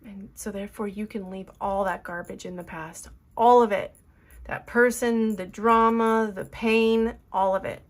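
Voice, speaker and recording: Slow-talking emotional tarot reader woman. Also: medium pitch, fairly even intonation. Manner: earnest, emotional, meandering with fillers. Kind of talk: tarot reading monologue.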